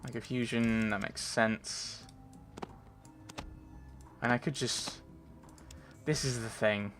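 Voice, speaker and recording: A man's voice: medium pitch, pushed and bright. A man giving casual, rambling commentary while playing a game, thinking aloud and reading on-screen text. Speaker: let's play gamer.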